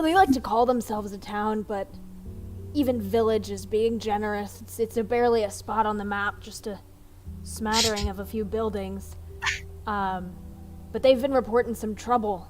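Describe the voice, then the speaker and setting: A woman's voice: a little high, natural voice. Woman voicing a hesitant old innkeeper. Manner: hesitant, rambling. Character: hesitant middle-aged male innkeeper.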